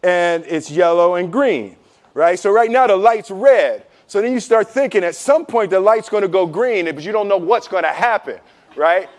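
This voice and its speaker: Man, high voice, chatty storyteller, acts out the voices, laughs a lot. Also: animated, moderate pace. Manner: chatty, laughs often, repeats words. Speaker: speaker giving life advice. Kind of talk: animated storytelling with acted-out quotes.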